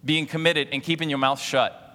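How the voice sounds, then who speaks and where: A male pastor in his forties preaches a sermon, firing rhetorical questions at the congregation and having them repeat after him. His bright, forceful voice is on the high side, brisk and fairly even in intonation, with a long reverb trailing each phrase as in a large church hall.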